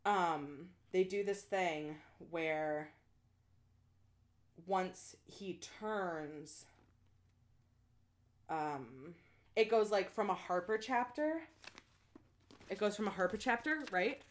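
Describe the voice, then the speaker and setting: A young woman in casual chat who gushes through a story, piling on "like" and the odd swear word. She is lively and informal, often jumping in with asides. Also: lowish voice, extremely slow, pauses often. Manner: animated, chatty, heavy use of "like" and swearing. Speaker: book fan retelling a plot.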